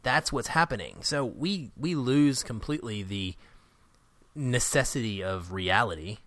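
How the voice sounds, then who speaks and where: On a film podcast he co-hosts, a mid-range male voice with no room sound keeps things animated and casual, laughing a lot and quickly mimicking characters' lines.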